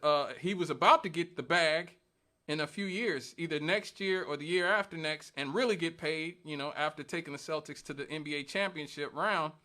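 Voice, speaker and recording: A man's voice: fairly high pitch, normal speed, bright, forceful tone. A male radio talk show host giving an emphatic, argumentative monologue, repeating points for stress. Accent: Northwest Indiana.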